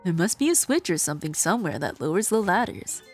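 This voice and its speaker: A woman's voice: fairly low pitch, big pitch swings, fast talker, husky, faint music behind, heavily acted. A woman reading aloud for a determined young woman from a game, earnest and matter-of-fact.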